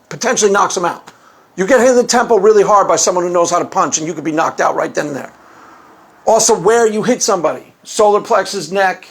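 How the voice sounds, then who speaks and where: Male commentator, higher pitched, unscripted and animated, acts out quotes mid-story. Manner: conversational, many restarts. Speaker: YouTube commentator.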